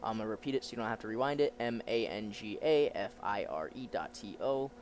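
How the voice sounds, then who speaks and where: A young man chatting casually as a manga reader, rambling and trailing off softly. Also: fairly low pitch, fairly quick, slight background noise. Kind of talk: casual chat.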